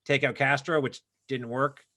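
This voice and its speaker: A man's voice: medium pitch, steady tone, moderate pace, sharp tone. A married man from Canada co-hosting a podcast, chatting casually and joking, with many restarts. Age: adult, married. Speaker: podcast co-host.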